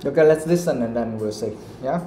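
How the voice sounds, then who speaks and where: A man with a Vietnamese accent teaches an English class, repeating and rephrasing his points. His voice is warm and dark. It sounds like an echoey room. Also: medium pitch, brisk, slight background noise. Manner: explains patiently, repeats himself, switches into Vietnamese to clarify. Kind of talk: live classroom lesson.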